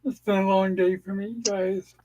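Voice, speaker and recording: A man's voice: sits high, flat delivery, moderate pace, dark tone, poor audio. A man hosting a casual livestream chat, tired and easygoing as he winds the show down. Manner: easygoing, winding down. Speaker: livestream host. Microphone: home microphone.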